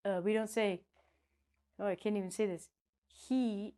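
A middle-aged woman teaching English pronunciation to learners, her pitch sitting in the middle for a woman. She speaks at an unhurried pace. Her delivery is playful and jokey, with sudden high, exaggerated demonstrations of sounds. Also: steady tone, mellow.

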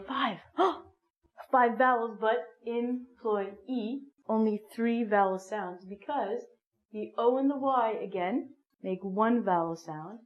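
Female English teacher, slow deliberate delivery, slightly high voice, muffled lo-fi recording. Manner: slow, clear, animated teaching with dramatic gasps. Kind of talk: online phonics lesson. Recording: dull lo-fi sound.

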